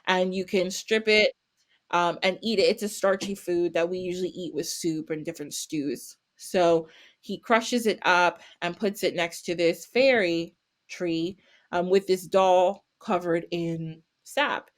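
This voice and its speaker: A woman's voice: fairly low pitch, a little slow. Woman on a podcast retelling a folk story, bouncy, does little voices for everyone. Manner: animated, acts out characters with little voices and laughs. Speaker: podcast guest. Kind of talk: casual storytelling.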